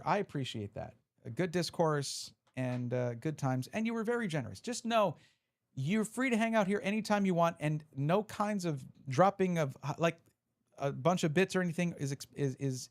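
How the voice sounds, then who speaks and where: A man's voice: a little high, expressive, moderate pace. A man live-streaming, chatting casually and reading out viewer messages as he opens card packs. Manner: chatty, reads chat aloud, restarts often.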